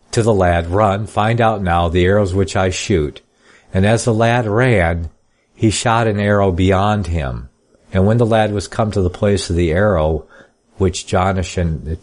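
Deep-voiced man teaching a Bible study. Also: a little mellow. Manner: reads scripture in King James style then comments casually; plainspoken, folksy asides. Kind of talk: Bible study reading and commentary.

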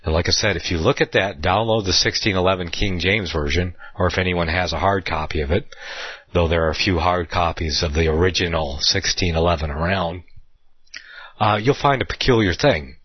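A man giving an unscripted Bible study talk, rambling with fillers and restarts, slowing down to stress key words. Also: low voice, breathy edge, no echo, muffled recording.

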